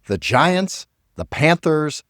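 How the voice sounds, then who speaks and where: A man's voice: on the high side, takes it slowly, no echo, clean studio sound. Hyped-up man talking fantasy football. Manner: hyped, animated, sarcastic asides. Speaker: podcast co-host. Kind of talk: energetic sports talk.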